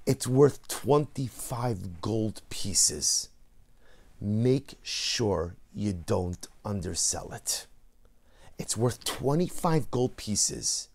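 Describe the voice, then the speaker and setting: A man voicing a generous old Hasidic rabbi who speaks earnestly and gently. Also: on the low side, expressive, drawn-out words, pitched below the performer's own voice, exaggerated voice.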